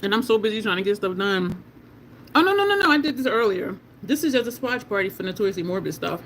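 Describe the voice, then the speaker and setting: Excitable chatty beauty livestream host. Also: medium pitch, fast, a little hiss or hum. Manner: excitable, chatty, talks to chat as "y'all". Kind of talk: casual livestream makeup swatching. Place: at home in Delaware.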